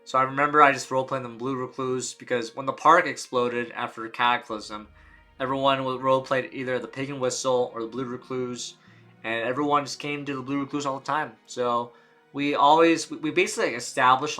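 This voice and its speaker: A man's voice: mid-range voice, fairly even intonation, fairly quick, bright, forceful tone, faint music behind. A man casually recalling old gaming days, rambling and slangy as he reads old posts aloud. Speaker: gaming video creator. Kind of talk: casual nostalgic retrospective.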